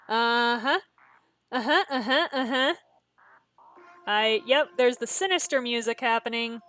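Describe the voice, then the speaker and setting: A woman's voice: a little high, unhurried, pauses often, pushed and bright, dry recording. A woman streamer reading and playing an interactive story game aloud, with wry joking asides.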